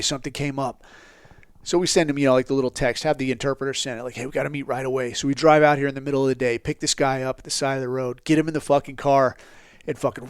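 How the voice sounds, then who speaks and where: Middle-aged male podcast host, crude swearing storyteller, smooth voice, dry close sound. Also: fairly high pitch, a little fast, no room sound. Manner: crude, profanity-heavy, animated when quoting others. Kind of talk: profane storytelling monologue.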